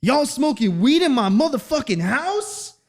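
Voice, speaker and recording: A man quoting his stern, angry father in a story, threatening and yelling. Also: fairly high pitch, lively intonation, normal speed, smooth, natural voice.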